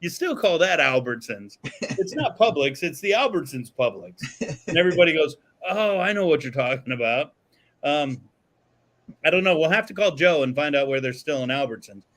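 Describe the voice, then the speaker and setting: A man co-hosting a podcast in casual chat, joking and excitable, swearing freely. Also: on the high side, brisk. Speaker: podcast co-host. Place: podcast studio.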